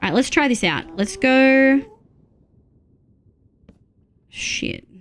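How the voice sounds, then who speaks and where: A woman's voice: high-pitched, lively intonation, drawn-out words. Chatty woman streaming live. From Australia. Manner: chatty, reads chat aloud, frequent laughs. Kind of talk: casual live-stream chat.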